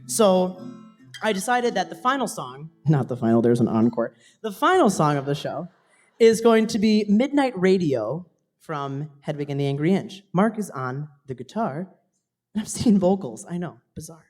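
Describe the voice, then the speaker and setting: Young male stage performer, emotional thank-you to family in the audience, earnest, sometimes hushed. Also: high-pitched, big pitch swings, moderate pace, soft background music. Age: young adult. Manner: heartfelt, voice dropping to a whisper at times, laughing between phrases.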